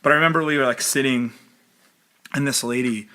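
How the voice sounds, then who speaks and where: A man's voice: mid-range voice, fairly even intonation, a little fast, bright, forceful tone. A man on a casual podcast telling long stories, full of fillers and swearing. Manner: rambling storyteller, many fillers, swearing. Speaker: podcast co-host. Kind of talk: casual chat.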